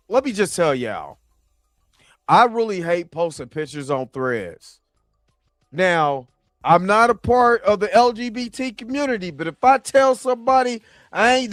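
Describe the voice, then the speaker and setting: A man's voice: sits high, no room sound, studio quality. A man hosting a live stream, chatting casually and with animation straight to his viewers. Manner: animated, talks straight to the chat.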